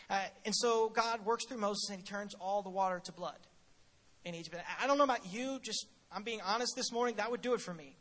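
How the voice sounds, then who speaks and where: A pastor preaches in a very high, bright, ringing voice. He retells Bible stories with lively humor and keeps stumbling over repeated words as he pushes forward. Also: a little fast. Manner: animated, humorous storytelling; stutters on repeated words. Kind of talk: sermon.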